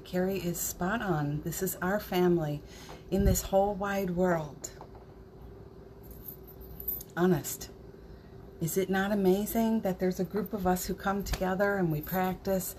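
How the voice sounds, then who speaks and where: A middle-aged woman hosting a spiritual morning livestream, greeting viewers by name in a gentle, playful way with small laughs. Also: mid-range voice, slight background noise. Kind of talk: live-streamed spiritual talk greeting viewers.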